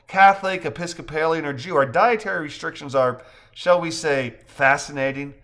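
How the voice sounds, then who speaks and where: A man's voice: fairly high pitch, moderate pace, fairly bright tone, voice pushed up. A man voicing a curious young woman musing aloud in a storybook reading. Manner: musing, rambling.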